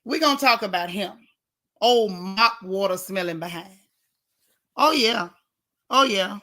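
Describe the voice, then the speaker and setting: A woman's voice: medium pitch, expressive, measured pace, sharp tone. A woman vlogger giving casual commentary on celebrity gossip, indignant and sarcastic, talking straight to her viewers.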